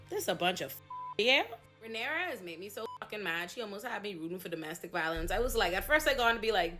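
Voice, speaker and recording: Animated, profane woman recapping TV. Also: medium pitch, a little fast, faint music behind. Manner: expressive, profane, emphatic slang-filled delivery. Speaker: pop culture commentator. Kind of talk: casual TV recap commentary.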